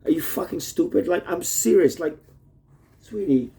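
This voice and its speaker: This man's voice is high and warm, with vocal fry, animated energy and a normal speed. He's at home in a messy rented room, recording a rambling video message to his wife on a phone plugged in nearby, cursing constantly and skipping from one topic to the next.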